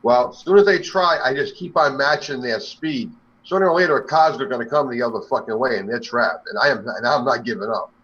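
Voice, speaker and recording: A young man on a casual chat stream with a mid-pitched voice. He rants in a blunt, profane way, and his sound comes through dull and lo-fi. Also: a little fast, a bit bright.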